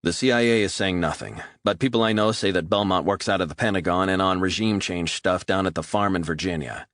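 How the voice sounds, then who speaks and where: A man's voice: low-pitched, brisk, fairly bright tone, no echo, clean studio sound. A man voicing a weary male FBI colleague who delivers bad news in a grim, matter-of-fact way.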